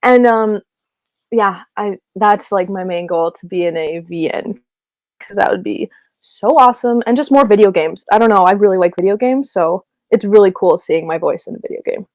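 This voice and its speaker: A woman's voice: mid-range voice, moderate pace, a little mellow, no room sound. A young woman from Canada, a voice actress, chatting in an interview, bubbly and rambling with crude jokes and giggles. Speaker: voice actress guest. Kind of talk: casual interview chat.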